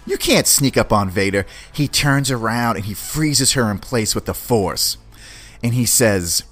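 A man hosting a podcast, giving an excited, slangy, rambling review of a series. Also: medium pitch, normal speed, soft background music. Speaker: podcast host. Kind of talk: casual film review.

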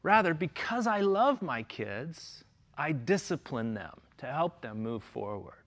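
A man's voice: fairly high pitch, big pitch swings, a little slow, a bit bright. A middle-aged man, a pastor preaching a sermon in an earnest way, asking his listeners question after question.

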